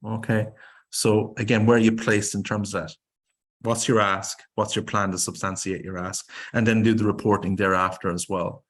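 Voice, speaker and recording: A man's voice: fairly low pitch, level tone. Emphatic Irish man presenting a webinar. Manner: brisk, emphatic, rhetorical questions. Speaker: grants presenter.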